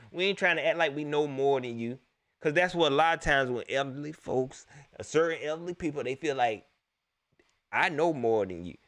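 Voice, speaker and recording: A young man hosting a live post-game stream, talking casually to his viewers and laughing often. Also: fairly high pitch. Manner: animated, laughs often, talks straight to the chat. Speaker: live-stream sports show host.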